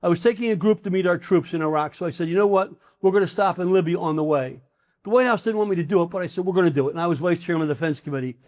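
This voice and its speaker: A man's voice: high-pitched, racing, darkish tone. An older man, a former congressman, telling stories in an interview in an emphatic, indignant way.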